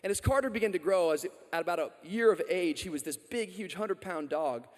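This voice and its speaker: A male pastor preaching a lively, joking sermon and calling out to the crowd. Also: high voice, fairly quick. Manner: energetic, joking, loud calls to the crowd. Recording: long reverb of a large hall.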